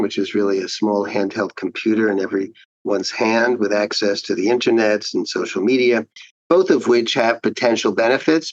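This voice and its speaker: Man, psychiatrist guest, measured explanations, deep-ish voice, muffled lo-fi audio. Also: no room sound. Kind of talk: interview answers.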